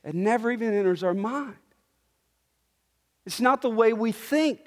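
A man with a high voice preaches slowly and deliberately, explaining scripture in an earnest teaching tone. He often restarts his phrases as he works toward a point. His voice rings out with a long reverb, as in a large church hall. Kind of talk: sermon.

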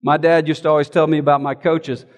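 A man's voice: a little high, flat delivery, fast, long reverb tail. A man, a pastor, preaching a sermon in an earnest, emphatic way, often asking rhetorical questions.

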